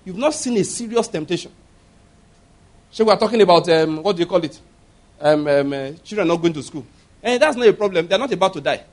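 A man's voice: sits high, animated, fairly quick. A man preaching a sermon, emphatic and laughing often, acting out little voices as he talks. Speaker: pastor.

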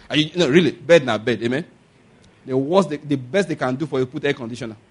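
A man's voice: mid-range voice, quick pace, breathy edge. A man preaching a sermon as a pastor, emphatic and often asking the congregation for an amen. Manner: emphatic, asks the congregation for amens.

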